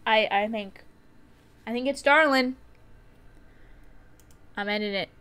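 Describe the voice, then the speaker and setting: A young woman live-streaming a farming game, chatty and excitable, often giggling and reacting out loud. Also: a little high, slow pace, smooth.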